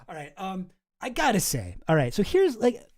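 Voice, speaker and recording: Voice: medium pitch, huge pitch swings, moderate pace, darkish tone. A channel host giving casual, sarcastic commentary, rambling and swearing freely.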